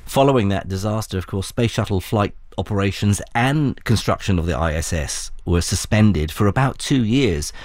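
A man hosting an interview, asking measured, attentive questions. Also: fairly low pitch, darkish tone, no room sound.

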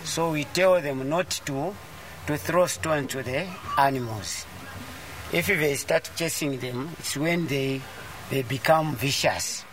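A man's voice: on the high side, takes it slowly, a bit bright, a little hiss or hum. A man explaining in a hesitant way, repeating words. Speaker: interviewee. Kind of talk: casual explanation.

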